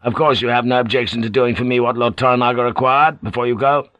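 A man's voice: mid-range voice, steady tone, fast, a bit bright, dry recording, highs cut off, lightly acted. A man voicing an arrogant, scheming middle-aged warlord who talks in blunt, clipped, mocking phrases. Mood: commanding.

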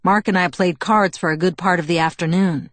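A woman's voice: lowish voice, brisk, dry recording, lightly acted. Woman narrator voicing a plain-spoken middle-aged dad in a storybook, blunt, dry close sound. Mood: easygoing. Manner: blunt, turns to shouting. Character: gruff middle-aged father, police chief, easily riled.

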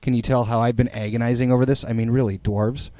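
A man hosting a podcast, reading a comic blog aloud with playful, animated storytelling and chatting between passages. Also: medium pitch, quick pace, no echo. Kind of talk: dramatic comic reading with chat.

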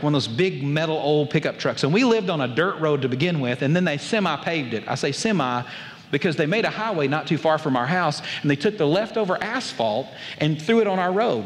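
Storytelling man preaching in a reverberant hall. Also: a little high. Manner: storytelling, animated, acts out family voices. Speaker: pastor. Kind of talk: sermon with personal story. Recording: long reverb of a large hall.

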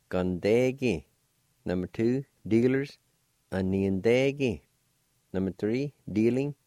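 Slow, deep-voiced man teaching words. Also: dark tone, no room sound, studio quality. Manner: spells letters and pronounces words slowly, repeating each. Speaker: language teacher on radio show. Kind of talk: slow radio language lesson.

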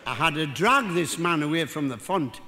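A man's voice: a little high, animated, normal speed, very noisy. An older man with a Geordie accent doing a rambling, self-mocking stand-up routine and bantering with the audience. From North East England. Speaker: stand-up comedian. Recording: live hall with faint crowd ambience.

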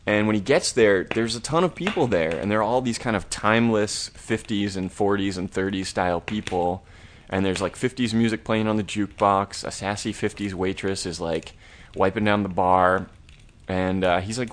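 A man's voice: low voice, moderate pace. A man co-hosting a horror review podcast, recapping an episode in a rambling, laid-back way with the odd curse. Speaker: podcast co-host. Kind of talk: casual plot recap.

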